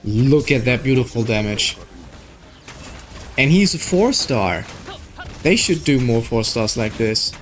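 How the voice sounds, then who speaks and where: A young man from Germany with a German accent, giving casual gameplay commentary, excitable and swearing at the game. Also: medium pitch, takes it slowly, long pauses, soft background music. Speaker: gaming streamer.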